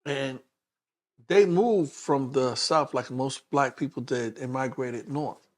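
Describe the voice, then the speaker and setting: In a sit-down interview, a guest who works as a detective shares personal stories, bringing the people he quotes to life through animated impressions. He's from Brooklyn, New York, and his mid-range voice moves at a slow pace.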